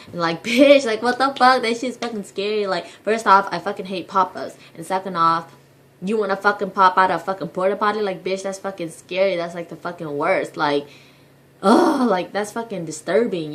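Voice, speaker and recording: A woman's voice: on the low side, fast, a bit bright. A young woman ranting to her viewers in a vlog, swearing constantly and leaning on filler words, sounding exasperated. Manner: profane, exasperated, heavy use of filler words. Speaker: vlogger. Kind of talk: casual rant to camera.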